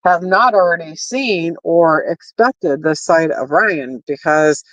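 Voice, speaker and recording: This commentary streamer speaks slowly in a lowish voice, ranting bluntly at her audience with plenty of swearing and filler words and talking straight to them. The recording is dry, with dull lo-fi stream quality.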